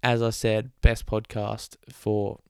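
A man with a lowish, smooth, clear voice talks through a casual solo podcast. He rambles along in a chatty way, tossing in sarcastic asides and laughing at his own jokes. The sound is dry and close, with no room echo. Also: level tone, slow. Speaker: podcast host.

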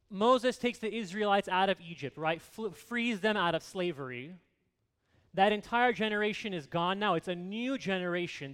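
High, smooth-voiced man preaching. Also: fairly bright tone. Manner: earnest, conversational preaching with emphatic repetition. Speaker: pastor. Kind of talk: sermon.

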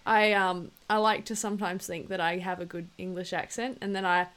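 A woman's voice: on the low side, steady tone, a little fast, a bit bright. A woman co-hosting a podcast who chats and teases with frequent giggles. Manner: giggly, teasing. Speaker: podcast co-host. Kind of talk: casual podcast chat.

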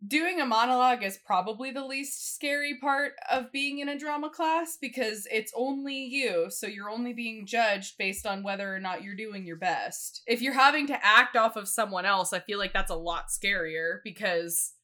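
A woman in her twenties co-hosting a podcast, telling animated stories in casual chat and laughing often. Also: on the high side, normal speed, few pauses. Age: 20s. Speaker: podcast co-host.

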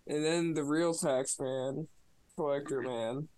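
A man's voice: fairly high pitch, steady tone, slow pace, darkish tone, poor audio. A man co-hosting a podcast, giving a casual movie review in a sarcastic, profane, mocking way. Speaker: podcast co-host.

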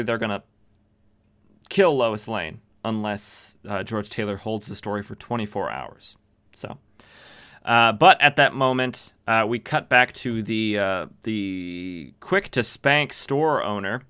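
A man's voice: medium pitch, pushed and bright, smooth. A male podcast host casually recaps an old comic, rambling and tossing in wry jokes. He hesitates often with fillers and restarts, in an everyday mid-range voice. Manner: rambling, joking asides, frequent fillers.

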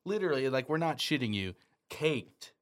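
A man co-hosting a podcast in casual chat, loose and quick to swear and laugh. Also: medium pitch, sing-song. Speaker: podcast co-host.

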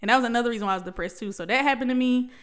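A young woman talks to camera very fast, her somewhat high voice clear and resonant, sharing a personal story of her life and faith. She testifies with emotion, laughing often and restarting again and again.

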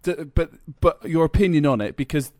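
A man's voice: on the high side, brisk, a little mellow, dry recording, clean studio sound. A man co-hosting a podcast, chatting casually, laughing easily and often restarting his sentences. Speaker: podcast co-host. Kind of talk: casual chat.

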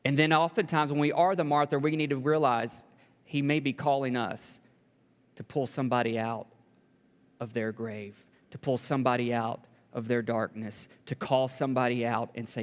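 A man preaching a sermon to a congregation, building to emphatic peaks and dropping to soft, hushed lines, with joking asides. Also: mid-range voice, fairly even intonation, moderate pace. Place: church sanctuary. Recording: long hall reverb.

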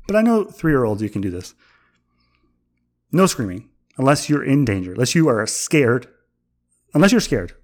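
Young man ranting with sarcastic indignation. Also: a little high. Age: young adult. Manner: sarcastic, rambling, mock-indignant. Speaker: vlogger. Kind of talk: casual comedic rant.

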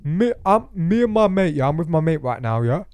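A woman mimicking a drunk, pushy young man calling late at night, fast and insistent. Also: sits low, big pitch swings, darkish tone, no room sound, pitched above the performer's own voice. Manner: fast, insistent, repeats "yeah?".

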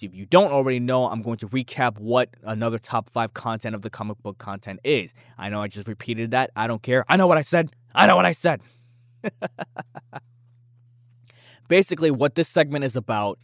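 A man's voice: medium pitch, no room sound, clean studio sound. A man hosting a solo podcast, rambling loosely, often stumbling over and repeating his words, with casual swearing. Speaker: podcast host.

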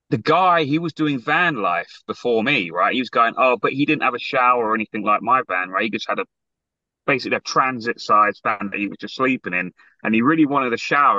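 On the high side, a man co-hosting a podcast tells a story in a casual chat, animated, swearing freely and acting out the quotes. The recording is dry and lo-fi.

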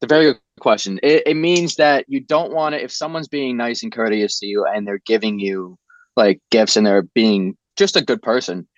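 A man's voice: mid-range voice, normal speed, no echo. A young man co-hosting a comedy podcast, playful and rambling, often laughing. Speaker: podcast co-host. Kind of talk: comedic casual chat. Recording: dry, slightly dull audio.

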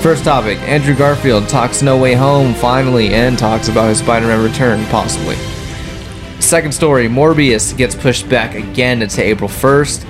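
A man's voice: medium pitch, steady tone, normal speed, over music. A man hosting a podcast and chatting casually about entertainment news in an upbeat way. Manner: upbeat, lists topics. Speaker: podcast host. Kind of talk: casual chat.

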